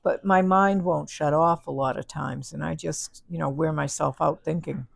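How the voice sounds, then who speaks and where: A woman's voice: sits low, fairly even intonation, moderate pace, gravelly, no room sound. A woman co-hosting a casual chat who sounds tired, yawning between laid-back remarks. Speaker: co-host.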